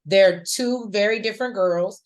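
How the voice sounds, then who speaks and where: A woman co-hosting a casual recap chat, talking in a chatty, slangy way with lively asides. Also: mid-range voice, normal speed. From rural American South. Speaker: podcast co-host.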